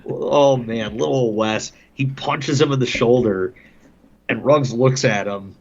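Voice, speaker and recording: A man's voice: medium pitch, measured pace, creaky, lo-fi sound, a little hiss or hum. Chatty man telling hockey stories. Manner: laughs often while telling anecdotes. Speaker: podcast guest, hockey broadcaster. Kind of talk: casual storytelling.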